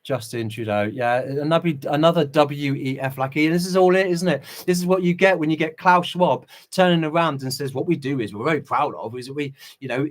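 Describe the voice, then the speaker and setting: A middle-aged man hosting a casual livestream, greeting chat viewers and preaching with passion and short chuckles. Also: medium pitch. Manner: impassioned, preachy, chuckles between remarks. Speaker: livestream host.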